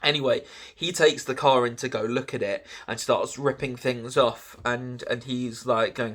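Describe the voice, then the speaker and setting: English man, podcast host, casual storytelling, filler-heavy, exasperated, mid-pitched voice. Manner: rambling, full of "like" and "um"; animated, quick to sound exasperated.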